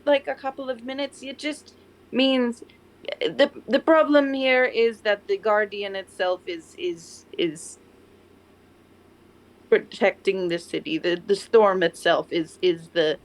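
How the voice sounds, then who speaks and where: A woman voicing a cheerful male figure with a loose attempted French accent, speaking politely and haltingly. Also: medium pitch, lightly acted, poor audio. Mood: hesitant. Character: chipper, happy male guardian-city figure.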